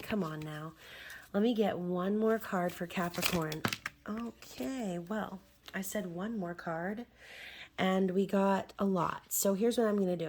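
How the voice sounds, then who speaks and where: A hoarse woman, still recovering her voice, chatting through a casual tarot reading with wry asides. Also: medium pitch. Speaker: tarot reader.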